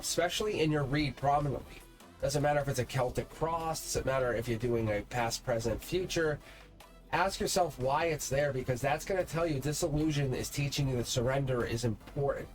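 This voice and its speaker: A man of middle pitch teaches tarot in an unscripted, reflective way, wandering from one thought to the next as he encourages the listener. Faint music plays quietly under his voice. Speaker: tarot reader and channel host. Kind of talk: unscripted tarot lesson to camera.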